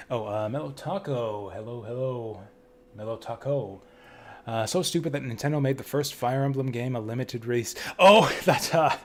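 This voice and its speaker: A man streaming a game from home, chatting casually and ranting bluntly with plenty of swearing. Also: medium pitch. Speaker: livestreamer playing games. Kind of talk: casual live-stream commentary.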